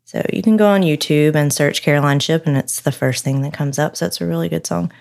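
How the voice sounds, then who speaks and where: A woman's voice: sits low, quick pace, creaky, few pauses, darkish tone. A woman co-hosting a podcast, telling a story and bantering in casual chat. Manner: chatty, narrating then bantering. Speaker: podcast co-host.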